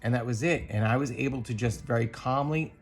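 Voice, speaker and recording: A man co-hosting a podcast, sharing a personal reflection in an earnest, thoughtful way, pausing often with ums and restarts. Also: mid-range voice, faint music behind. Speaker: podcast co-host.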